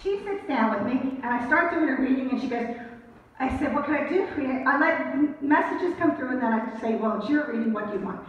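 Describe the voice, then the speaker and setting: A high-voiced woman in her sixties works as a psychic medium before a live audience, chatty and quick to poke fun at herself. The recording picks her up from a distance in a roomy hall, with a long echo and a muffled, dull tone. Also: animated. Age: 60s. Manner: chatty, laughing, self-deprecating. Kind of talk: live audience storytelling and readings.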